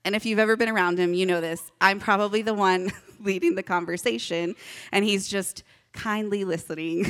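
A woman's voice: lowish voice, fairly bright tone. Young woman pastor, upbeat and chatty, leads call-and-response with kids. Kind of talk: children's sermon to a congregation.

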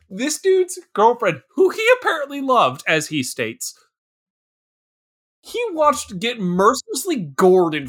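A man's voice: extremely high pitch, fairly bright tone. A man co-hosting a podcast, riffing on a bad movie in casual chat with exasperated, laughing outbursts. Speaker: podcast co-host. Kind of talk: casual comedic movie riff.

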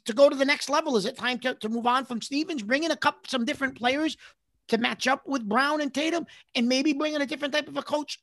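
A man's voice: very high voice, bright, forceful tone, no room sound. A man co-hosting a sports talk show, thinking aloud and asking questions with some hesitation. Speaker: sports radio co-host.

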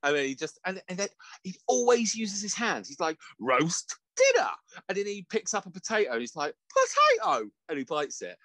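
Lively podcast co-host, swears and laughs a lot, dry close sound. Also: male voice, high-pitched, fast, no echo. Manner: animated and swearing, laughs a lot, jumps into mock voices. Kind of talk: casual chat.

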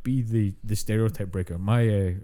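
A man's voice: lowish voice, fairly even intonation, normal speed, mellow. A man with a Scottish accent co-hosting a podcast, giving blunt opinions in casual chat and swearing now and then. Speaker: podcast co-host.

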